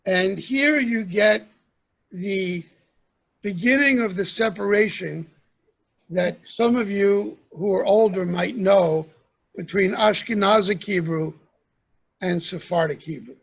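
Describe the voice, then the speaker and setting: A man lecturing to a congregation, speaking slowly and pausing often, with "um"s between his points. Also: sits high, gravelly, breathy edge, dull audio. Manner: slow, measured delivery with pauses and fillers. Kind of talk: talk to a congregation.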